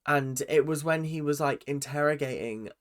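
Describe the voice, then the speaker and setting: A man's voice: on the high side, moderate pace. A young man giving a chatty, exasperated recap of a reality show, full of ums and restarts. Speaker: reaction vlogger. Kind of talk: casual recap commentary.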